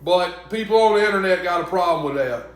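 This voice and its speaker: Brief: young Southern man with a high voice, cooking vlog, chatty and teasing, very echoey kitchen. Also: brisk. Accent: Southern US (Mississippi). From Mississippi. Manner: chatty, joking, talks back to imagined critics. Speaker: cooking vlogger. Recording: very echoey room.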